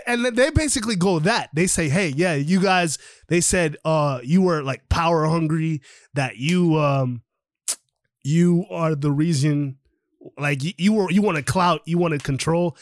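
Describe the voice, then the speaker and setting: Male podcast host, slightly high voice, dry close sound; animated, profane, acts out the story's lines. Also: a little slow, no echo. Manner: animated, swears freely, acts out characters' lines. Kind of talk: casual retelling of a comic book plot. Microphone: online call.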